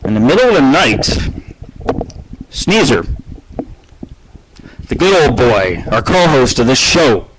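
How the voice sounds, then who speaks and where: A middle-aged man hosts his own radio show solo from home, at a middle pitch. He rambles from story to story and swears constantly. A faint hiss sits under the recording. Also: big pitch swings, slow pace, pauses often, poor audio. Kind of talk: solo live radio monologue. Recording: faint background noise.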